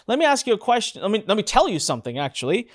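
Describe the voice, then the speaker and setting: A middle-aged online course instructor, excitable and emphatic, who repeats key lines and throws in chatty asides during a live webinar. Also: mid-range voice, racing.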